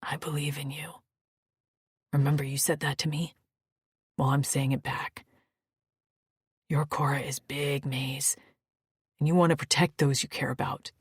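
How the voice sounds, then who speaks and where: A fierce, scarred alien warrior man, as a woman voices him with a low, gruff growl pushed well below her own pitch. He speaks through gritted teeth in a husky, breathy tone. It is a dry, close audiobook recording. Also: steady tone, a little slow, pauses often, dry recording, heavily acted. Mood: soft, reassuring. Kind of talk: audiobook character voice.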